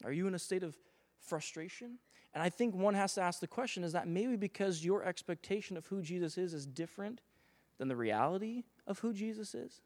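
Young guy preaching, high voice, acts out voices, reverby church hall. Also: brisk. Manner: animated, acts out voices of doubting people. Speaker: pastor. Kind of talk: sermon.

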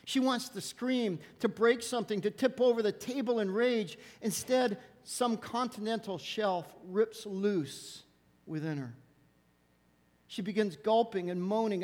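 A man preaching a sermon, telling a story dramatically and dropping to hushed soft lows. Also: big-room sound.

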